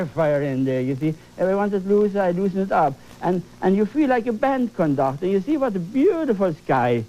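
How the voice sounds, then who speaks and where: An exuberant man teaches painting on an old TV show, his high voice swinging widely as he exclaims and coaxes. The tone is mellow, and the recording is dull and lo-fi. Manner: repeats phrases for emphasis. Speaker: painting instructor. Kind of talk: televised painting lesson.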